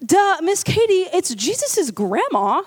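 A proud little girl of three, insisting in a sing-song, childish way, as a woman puts her on. The voice sits very high and leaps about. She sounds eager and sure of herself. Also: sing-song, measured pace, a little hiss or hum, full character voice.

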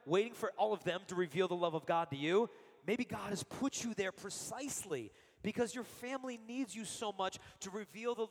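A man's voice: sits high, long reverb tail. A middle-aged man giving a sermon full of personal stories, acting out the quotes he tells. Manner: animated storyteller, acts out quotes. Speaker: speaker giving a Catholic talk.

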